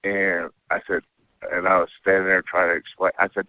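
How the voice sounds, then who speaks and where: Deep-voiced man on a tinny phone line. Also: little pitch movement, brisk, no echo. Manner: keeps tagging "okay?" and "you know". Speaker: caller telling an abduction story. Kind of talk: rambling first-person account.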